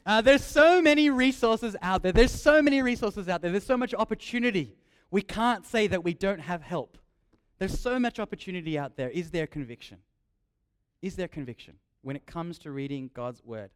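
High-voiced preacher, lively. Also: male voice, moderate pace, smooth. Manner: lively, jokey asides with repeated phrases. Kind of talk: sermon.

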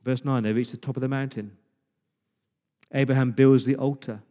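Male pastor, mid-pitched, impassioned sermon delivery with dramatic pauses, church hall reverb. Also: steady tone, warm tone. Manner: impassioned preaching with dramatic pauses and repeated words.

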